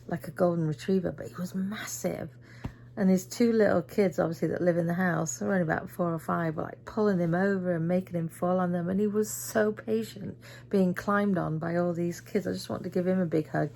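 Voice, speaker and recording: Brief: middle-aged woman, weary and chatty, slightly low voice with gravelly fry. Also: fairly even intonation, normal speed, darkish tone. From Britain. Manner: chatty storyteller, acts out quoted voices. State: tired. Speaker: vlogger. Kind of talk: casual end-of-day vlog chat.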